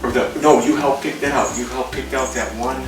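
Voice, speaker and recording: A husband fondly reminiscing about family trips, talking in halting stops and restarts. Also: male voice, mid-range voice, fairly even intonation. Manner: fond, halting storytelling with many restarts. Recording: roomy home recording, distant mic, music behind.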